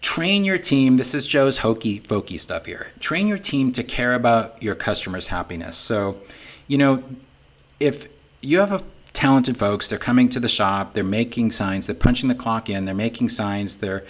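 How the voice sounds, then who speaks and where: A man's voice: mid-range voice, lively intonation, normal speed. A middle-aged man with a Boston accent giving an informal webinar talk, folksy and conversational, often saying "you know". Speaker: webinar presenter for a sign business software company.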